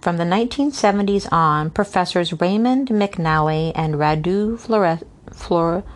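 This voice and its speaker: A woman with a fairly low voice reads a classic novel aloud at an easy, informal pace. She keeps a steady narrating rhythm but trips over hard names and restarts them. It sounds like a home reading rather than a polished studio narration. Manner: reads steadily, stumbles on hard names and pauses for unscripted asides. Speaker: reader. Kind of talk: casual read-aloud of a novel with asides.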